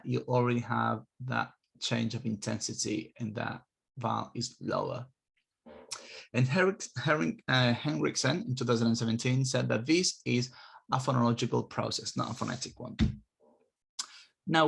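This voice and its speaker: Male linguistics lecturer, gravelly and a little husky, middle pitch, patient and methodical. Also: a bit bright. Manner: explanatory, repeats example words slowly to demonstrate sounds. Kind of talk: recorded academic lecture. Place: university.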